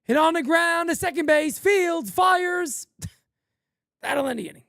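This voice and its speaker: A man's voice: extremely high pitch, animated, slow, creaky, pushed and bright, dry recording, studio quality. A man hosting a live play-by-play stream, calling the game with sarcastic, exasperated fan commentary. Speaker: host.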